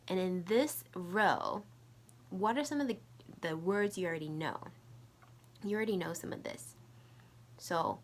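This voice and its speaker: A patient woman teaching Mandarin in a recorded lesson. She speaks unhurriedly in a fairly low voice with a gravelly edge, and she drills each syllable over and over so the tones can be heard. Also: animated, measured pace, a bit bright.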